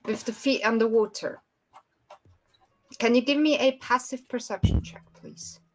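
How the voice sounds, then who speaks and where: A woman's voice: on the high side, fairly even intonation, measured pace. Casual woman running a tabletop game. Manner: casual, swears when flustered. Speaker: dungeon master.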